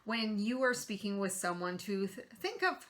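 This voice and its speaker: A woman's voice: medium pitch, moderate pace. A middle-aged woman hosting a show, giving earnest coaching tips in a motivational talk with rhetorical questions. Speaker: host.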